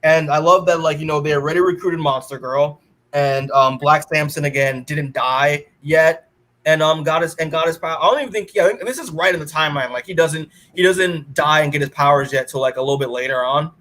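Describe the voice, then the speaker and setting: Podcast co-host, male, casual comic recap, rambling delivery, mid-pitched voice. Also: a little fast, fairly bright tone. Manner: rambling recap full of "like" and restarts, quoting characters in his own voice. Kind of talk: casual comic-book review chat.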